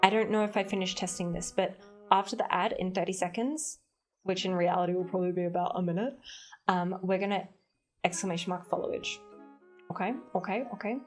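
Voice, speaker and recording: A woman's voice: fairly low pitch, fairly even intonation, brisk. A chatty, playful Australian woman talking casually into a desk mic during a livestream. She reads chat aloud, laughs often and swears lightly, with faint music playing behind her.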